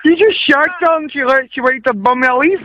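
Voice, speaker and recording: A man with a loud, jeering manner, shouting and laughing while filming a rowdy phone video. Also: very high voice, a little fast, lo-fi sound, crowd noise.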